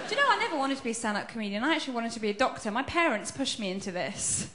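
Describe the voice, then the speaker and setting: A woman from Iran, doing a stand-up routine on stage, chatty with deadpan punchlines. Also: a little high, very fast, heavy background noise. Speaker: stand-up comedian. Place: large theatre with a live audience. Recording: echoey theatre with a faint crowd.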